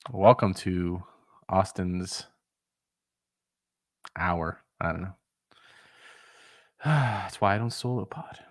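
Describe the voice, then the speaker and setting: A man co-hosting a sports podcast over a video call, talking through player analysis in a relaxed way. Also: low voice, drawn-out words, pauses often, no room sound, clean studio sound. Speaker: podcast co-host. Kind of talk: casual chat.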